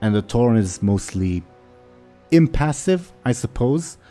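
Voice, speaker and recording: A man's voice: mid-range voice, animated, slow pace, mellow, soft background music. A man narrating as game master of a tabletop role-playing game, explaining rules and describing scenes. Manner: explains rules and voices orcs in quoted lines.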